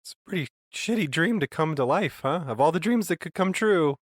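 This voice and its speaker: A man's voice: on the high side, lively intonation, brisk, dry recording, clean studio sound. A man hosting a tabletop role-playing podcast and playing in the game, joking and laughing often in casual chat. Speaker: podcast host and player.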